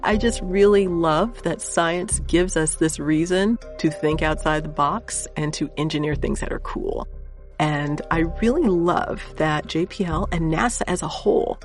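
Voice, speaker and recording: A woman's voice: on the low side, unhurried, faint music behind. A woman spacecraft engineer telling work stories in an interview, acting out her own quotes with animation. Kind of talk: interview storytelling.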